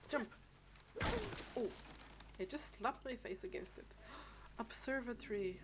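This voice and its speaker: A woman's voice: fairly high pitch, a little slow. Rambling woman streamer chatting while playing. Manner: rambling, chatty, thinks aloud with many restarts. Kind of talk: casual gameplay chat. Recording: steady background noise.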